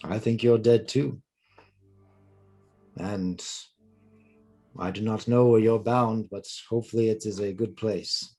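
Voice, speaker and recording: Man doing a polite gallant knight, gentle formal tone, low husky voice, tabletop game. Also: fairly even intonation, slow, long pauses, soft background music. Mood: courteous. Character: gallant male knight artificer, courteous.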